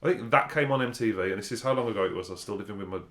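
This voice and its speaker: A man's voice: lowish voice, rapid-fire, fairly bright tone. A man in a casual podcast chat, telling stories in a dry, sweary way. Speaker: podcast co-host.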